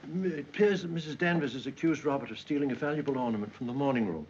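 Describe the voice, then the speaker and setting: An actor playing a formal, deferential English butler in a 1940s film drama, speaking politely and formally. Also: male voice, mid-range voice, fast, a little mellow, close to an everyday voice. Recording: dull, faintly hissy film soundtrack.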